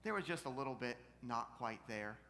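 Bright-voiced preacher in an echoing hall. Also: male voice, lively intonation, moderate pace. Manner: storytelling preacher who builds to shouting peaks. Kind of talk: sermon. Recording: reverberant church hall, faint rumble.

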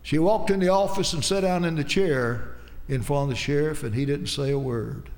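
A man preaching a sermon in a church, emphatic and rising into shouts. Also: on the high side, moderate pace. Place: church sanctuary. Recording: long hall reverb.

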